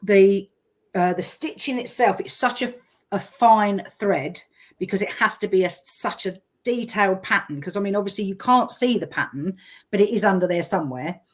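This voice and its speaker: A woman's voice: mid-range voice, moderate pace. A woman in casual chat as a business owner, telling stories and acting out quoted voices. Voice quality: chatty storyteller, lively quoted voices.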